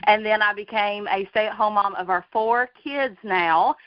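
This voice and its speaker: A woman's voice: mid-range voice, measured pace, no echo. A woman, telling her personal story as a guest on a call in an earnest way. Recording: dull lo-fi call audio.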